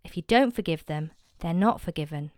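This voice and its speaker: A woman voicing a calm, tender man teacher in a dramatized scripture reading, speaking gently and slowly. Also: on the low side, no room sound, clean studio sound, close to an everyday voice. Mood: gentle. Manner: gentle, slow and tender, at times hushed.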